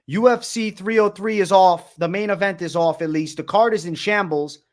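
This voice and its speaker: A young man hosting a livestream, talking excitedly and repeating himself, swearing often and calling his viewers bro. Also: high-pitched, moderate pace. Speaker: livestream host. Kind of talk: livestream commentary.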